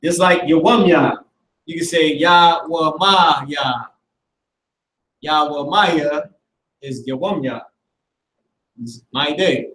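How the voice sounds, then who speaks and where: A man's voice: on the high side, expressive, a little slow, pauses often, echoey room, distant mic, rough recording. A man teaching a casual live language class, loose and slangy, with some swearing.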